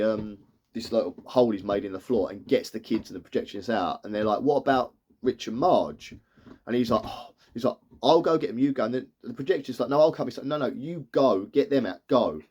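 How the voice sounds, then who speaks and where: A man's voice: mid-range voice, darkish tone. Tearful man rambling through a recap. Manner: rambling retelling that acts out characters' lines. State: tearful, emotional. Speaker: TV reviewer. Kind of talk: emotional episode recap.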